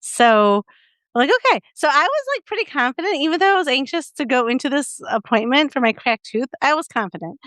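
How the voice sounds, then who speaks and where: A woman's voice: high voice, animated, a little fast, a bit bright, no room sound. A young adult woman co-hosting a podcast in casual chat, telling a story animatedly with lots of fillers and acted-out quotes. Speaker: podcast co-host.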